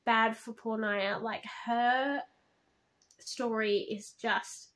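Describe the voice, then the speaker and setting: A woman's voice: fairly high pitch, fairly even intonation, drawn-out words, a bit bright. A woman reviewing a book in a casual vlog, gushing and heartfelt, often using "like" as filler.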